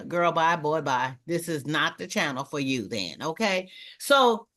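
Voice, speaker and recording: A woman hosting a casual panel chat who talks in a lively way and acts out other people's lines in quoted voices. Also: low voice, measured pace. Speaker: host of a talk show panel.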